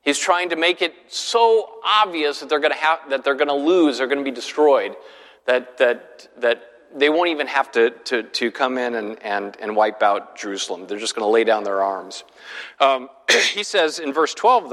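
A man's voice: mid-range voice, moderate pace, fairly bright tone. A man teaching a Bible class in a conversational way, often putting questions to his listeners. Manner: conversational, keeps asking the class rhetorical questions. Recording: long hall reverb.

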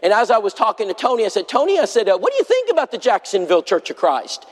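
High-voiced preacher man in reverberant hall. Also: wildly swooping pitch, quick pace. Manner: pleading, storytelling with quoted dialogue. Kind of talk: sermon.

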